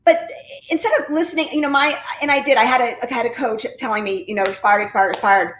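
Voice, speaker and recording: This interview guest, a real estate agent with a high-pitched, fairly bright voice, talks fast while enthusiastically telling her story in casual conversation. The recording carries a roomy echo and a little hiss or hum.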